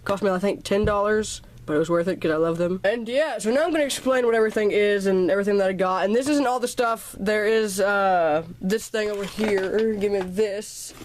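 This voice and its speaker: A woman's voice: mid-range voice, fairly quick, hardly any pauses, a little hiss or hum. Chatty teen girl, a bit sick. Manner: rambling, chatty, points at items one by one. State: a little sick, slightly out of breath. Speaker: vlogger. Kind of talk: casual birthday haul vlog. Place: dark bedroom at home. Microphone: camera's built-in mic.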